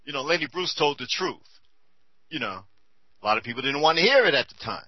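A man's voice: a little high, animated, a little fast, no echo. Rambling, laid-back man, slightly dull sound. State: tired and a bit high. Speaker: commentator on a talk show. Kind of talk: candid casual talk.

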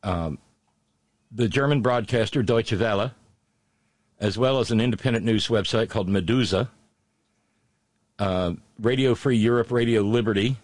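A man giving casual, sarcastic news commentary, halting with many fillers and restarts. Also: lowish voice, no room sound. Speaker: political commentator.

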